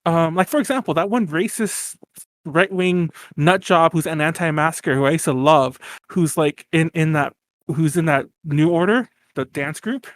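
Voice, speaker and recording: Rambling higher-pitched man on a podcast. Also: moderate pace, no echo, studio quality. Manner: rambling, lots of fillers and restarts, laughs often. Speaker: podcast co-host. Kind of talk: casual chat.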